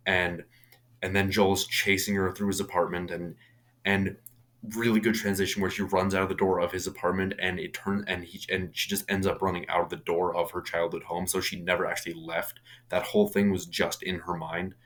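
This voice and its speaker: A man's voice: low-pitched, flat delivery, a little fast, a bit bright. A young man casually recapping a horror film, rambling with many restarts and casual swearing. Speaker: movie reviewer.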